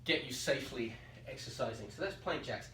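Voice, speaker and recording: A male phys ed teacher talks students through exercises, counting reps aloud and a little out of breath between moves. His mid-pitched voice carries from a distance in an echoey room with faint noise behind it. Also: animated, a little fast, sharp tone. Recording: roomy echo, distant mic, faint background noise.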